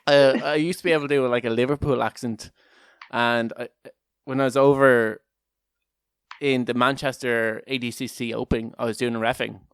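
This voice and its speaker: A man's voice: medium pitch, steady tone, normal speed, smooth, dry recording, studio quality. A man co-hosting a casual podcast chat, rambling, restarting often and laughing a lot. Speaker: podcast co-host.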